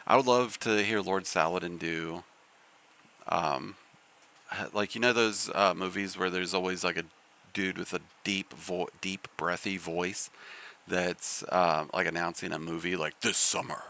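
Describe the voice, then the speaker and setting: A man's voice: deep voice, fairly even intonation, measured pace, bright, forceful tone. A man hosting a live game stream, chatting casually in a rambling way with lots of fillers and restarts.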